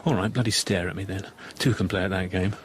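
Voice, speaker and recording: A man's voice: low-pitched, quick pace, lightly acted. An actor in his thirties playing a sardonic husband with a dry, mocking humour in a radio drama. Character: wry, sardonic English husband on holiday. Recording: radio broadcast with hiss.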